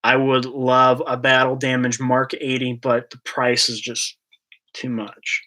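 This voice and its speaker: A man's voice: medium pitch, completely flat delivery, unhurried, pushed and bright. A man hosting a casual live-stream Q&A, rambling and joking as he reads out and answers chat questions. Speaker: YouTube collector channel host.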